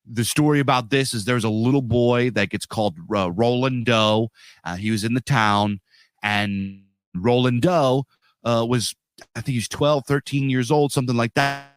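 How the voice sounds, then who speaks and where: A man's voice: mid-range voice, steady tone, moderate pace, clear, resonant tone, no room sound. A man hosting a podcast, telling a film story in a rambling, casual way with lots of fillers. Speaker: podcast host. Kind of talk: casual film-review chat.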